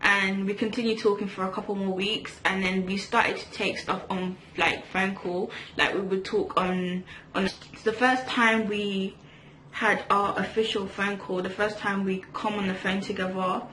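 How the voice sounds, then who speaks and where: A woman's voice: mid-range voice, level tone, normal speed, bright, forceful tone. A young woman from England, telling a rambling storytime while doing her makeup, full of fillers and restarts. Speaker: vlogger. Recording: echoey room with faint hiss.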